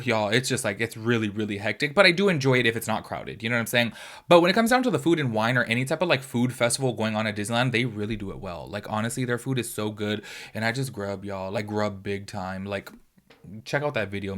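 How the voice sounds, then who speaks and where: Fast-talking chatty young man vlogger. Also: medium pitch. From California, United States. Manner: chatty and animated, lots of fillers like "y'all". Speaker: beauty commentary vlogger. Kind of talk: casual commentary vlog.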